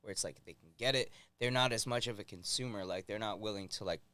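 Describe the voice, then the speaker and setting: A man's voice: fairly low pitch, quick pace, bright, forceful tone, no room sound. A young man as a podcast guest, chatting casually and rambling with restarts. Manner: laid-back, rambling with restarts. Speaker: musician guest.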